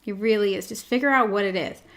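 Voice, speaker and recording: A woman's voice: mid-range voice, quick pace, fairly bright tone. A woman hosting her own show, chatting casually with lots of fillers and joking asides. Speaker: host. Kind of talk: casual chat.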